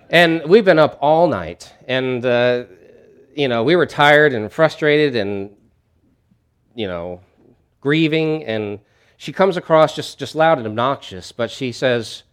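A man's voice: medium pitch, expressive, unhurried, clear, resonant tone. A man preaching a sermon as a pastor, telling a story in a conversational way with frequent restarts.

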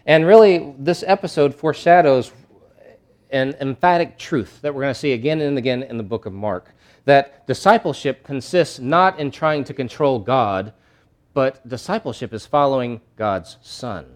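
Animated man preaching a sermon. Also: mid-range voice, normal speed. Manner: animated, acts out disciples' voices. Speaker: pastor.

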